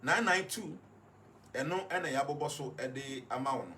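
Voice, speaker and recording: A man's voice: fairly high pitch, normal speed, bright, forceful tone, slight background noise. A man with a Ghanaian accent speaking on live radio, explaining his points one at a time and mixing English with Twi. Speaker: radio guest reading numerology.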